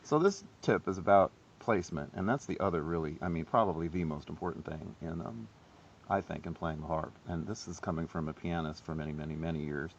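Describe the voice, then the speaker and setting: Man, very low voice, chatty harp teacher, rambling and self-deprecating, slightly dull recording. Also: brisk, slight background noise. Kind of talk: casual instructional video.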